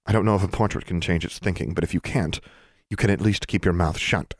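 A man voicing a determined young woman who speaks firmly and in a measured way, close to his own low voice. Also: no echo. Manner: firm, measured, near the reader's own voice.

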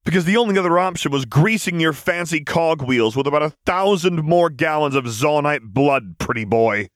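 A brawling young woman spitting scorn, loud and pitched well up, as a man puts her on in a storybook. She sneers and swears, combative to the core. Dry, close sound. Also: expressive, moderate pace, no echo, lightly acted. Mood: scornful. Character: tough brawling young woman, crude and angry.

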